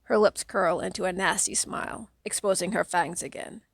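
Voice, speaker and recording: A woman narrating a children's audiobook in a steady, plain storytelling manner. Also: fairly low pitch, moderate pace, vocal fry, husky, dry recording, studio quality. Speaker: audiobook reader.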